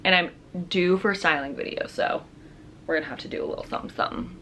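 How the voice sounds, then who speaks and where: A woman's voice: on the low side, fast, sharp tone, a little hiss or hum. A young adult woman, a fashion vlogger, chatting casually through a try-on haul in a bubbly, gushing, slang-filled way.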